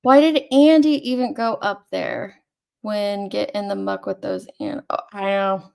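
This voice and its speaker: A woman's voice: mid-range voice, unhurried, gravelly, darkish tone, clean tone. A woman hosting a casual commentary chat, talking loosely and laughing often. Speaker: host.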